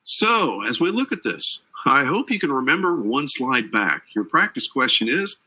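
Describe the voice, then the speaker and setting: A man's voice: mid-range voice, sing-song, moderate pace, hardly any pauses, sharp tone, low-quality recording. A man instructor giving a live online training lecture, chatty and joking with his audience between points. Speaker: certification exam instructor. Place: based in Atlanta.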